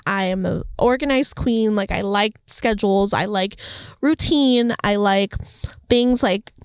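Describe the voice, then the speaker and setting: A young woman hosting a casual faith podcast, talking in an excitable, chatty way with lots of fillers and laughter. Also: medium pitch, clear, resonant tone, no room sound. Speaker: podcast host. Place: outdoors on a hill near the beach. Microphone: camera.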